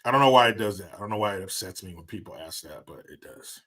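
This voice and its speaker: A middle-aged man with a bright, forward, lowish voice hosts a casual livestream, talking quickly and expressively. He chats loosely with viewers, jokes, laughs a lot and swears freely.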